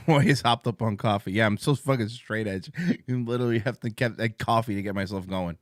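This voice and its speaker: A man's voice: lowish voice, a little fast, no echo, clean studio sound. A man hosting a casual livestream talk show, rambling and profane, amped up on coffee. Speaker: podcast host.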